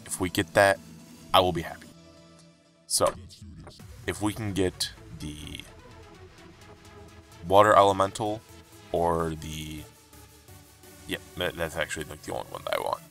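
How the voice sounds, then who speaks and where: A young man commenting as he opens game cases, frustrated and pleading, breaking into high outbursts. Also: animated, a little slow, vocal fry, long pauses, fairly bright tone, faint music behind. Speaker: gaming YouTuber. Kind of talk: game case-opening commentary.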